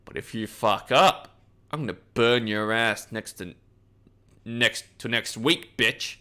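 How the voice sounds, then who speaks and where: A man's voice: medium pitch, takes it slowly, pushed and bright, clean tone. A man voicing a grumpy, menacing male dragon who makes crude, swaggering threats. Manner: swaggering, foul-mouthed threats.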